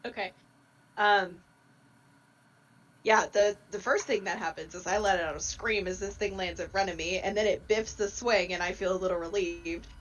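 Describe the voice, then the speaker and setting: A woman's voice: medium pitch, moderate pace, highs cut off. Brief: woman, tabletop player, talkative and upbeat, with jumps into character voices. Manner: chatty, breaks into lively voices for her character. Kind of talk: playing a tabletop game.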